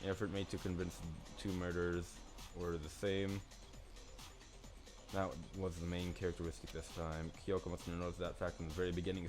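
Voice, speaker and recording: A man streaming a live game playthrough, excitable and swearing as he yells at the characters. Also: low-pitched, fairly quick. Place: home streaming setup. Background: game music.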